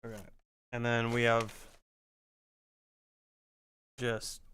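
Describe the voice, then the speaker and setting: A man's voice: mid-range voice, monotone, very slow, fairly bright tone, a little hiss or hum. A young man streaming games at home into a desk microphone, chatting casually and swearing often. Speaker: gaming streamer. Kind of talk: casual gameplay chat.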